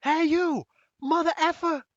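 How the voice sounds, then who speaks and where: A man's voice: very high voice, steady tone, unhurried, no room sound, dull audio, voice pushed up. A man putting on the voice of an angry stranger who curses and threatens someone on the street. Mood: enraged. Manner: shouting, cursing.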